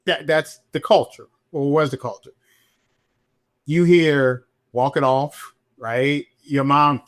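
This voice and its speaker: A middle-aged man, a police officer and podcast guest, telling his story candidly and animatedly, jumping up in pitch when he acts out what people said. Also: takes it slowly. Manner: animated, acts out quotes in a higher voice.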